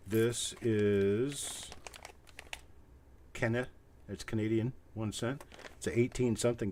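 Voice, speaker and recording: In a cluttered room at home, a man hosts a live coin auction, rapidly chanting repetitive bid calls and chatting casually in between. His voice is lowish and darkish, with a little hiss or hum.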